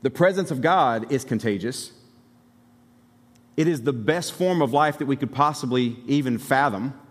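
An Alabama pastor gives a sermon in a medium-pitched male voice at a normal pace. His preaching is conversational yet emphatic, and he breaks off with asides to the congregation. The long reverb of a church sanctuary surrounds the sound.

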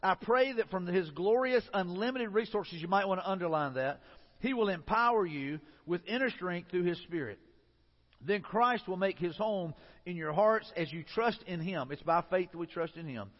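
High-voiced pastor preaching in a hall. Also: male voice, animated, normal speed. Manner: conversational preaching, repeats and restarts phrases. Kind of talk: sermon. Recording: muffled sound in a reverberant hall.

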